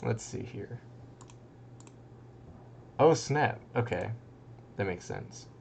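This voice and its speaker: A young man casting a strategy game tournament in a loose, rambling way, breaking into excited outbursts and laughter. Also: fairly low pitch, very slow, vocal fry, slight background noise. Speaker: tournament caster. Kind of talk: casual game commentary.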